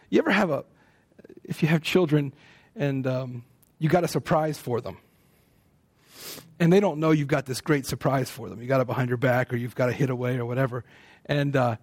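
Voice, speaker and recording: Pastor guy, middle-aged, fairly high voice, casual sermon with jokey asides. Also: darkish tone. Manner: conversational, playful asides and laughs.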